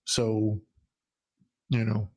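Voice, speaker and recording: A man hosting a live football talk stream, chatting casually in a rambling, halting way with frequent restarts. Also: lowish voice, completely flat delivery, darkish tone.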